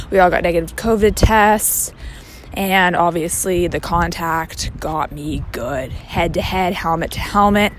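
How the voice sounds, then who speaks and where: A woman's voice: on the low side, slight background noise. Chatty young woman, rambling. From Canada. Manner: rambling and chatty, with many fillers and slangy asides. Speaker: vlogger. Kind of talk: casual chat.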